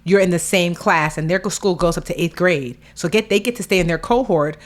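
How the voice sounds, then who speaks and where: A woman with a slightly low voice co-hosts a studio podcast. She tells stories with energy and acts out the voices of the people in them. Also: a little fast. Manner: animated storyteller, acts out family members' voices. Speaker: podcast co-host. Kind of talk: casual chat.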